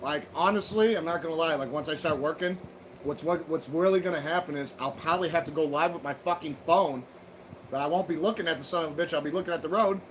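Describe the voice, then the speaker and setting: A man chats with viewers on his livestream in a loose, profane, joking way. His voice sits high, and he speaks into a phone or tablet at home. A faint hiss runs underneath. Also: quick pace, poor audio. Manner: loose, profane, laughing banter. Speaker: livestream host. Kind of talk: casual livestream chat with viewers.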